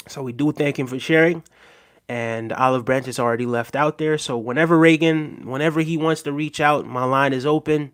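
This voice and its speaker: A man's voice: medium pitch, steady tone, fairly quick, smooth. A man hosting a casual livestream, reading viewer comments aloud and talking to his audience in an earnest, reassuring way with lots of fillers. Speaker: livestream host.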